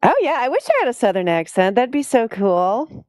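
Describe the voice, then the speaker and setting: Lively giggly woman, dry sound. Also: fairly high pitch, brisk, smooth, no room sound. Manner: giggly, playful. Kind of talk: casual chat.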